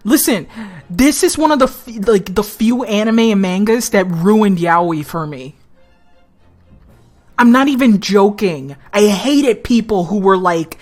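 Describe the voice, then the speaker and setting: A woman's voice: medium pitch, animated, a little slow, a little mellow, soft background music. A woman giving casual commentary over a video game, blunt and chatty, swearing freely and laughing often. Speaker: let's play streamer.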